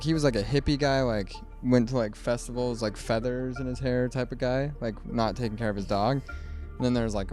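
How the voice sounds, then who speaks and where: A man in his twenties, a podcast guest, telling a story casually with a lot of "like" and laughing at himself. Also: medium pitch. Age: 20s. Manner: rambling, many "like"s, laughs at himself.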